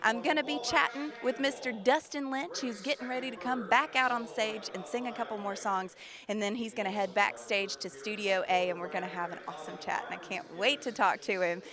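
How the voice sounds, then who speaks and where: Gushy southern lady from tennessee, hosting a livestream, chatty and excited. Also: mid-range voice, brisk, crowd noise. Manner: bubbly and gushing. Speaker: livestream host. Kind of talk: casual live-stream hosting.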